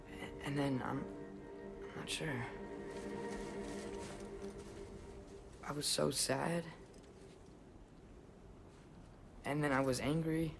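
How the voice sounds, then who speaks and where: An actor playing an earnest, stubborn teenage boy who presses his father with pleading, insistent questions in a video game cutscene. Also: medium pitch. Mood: uncertain.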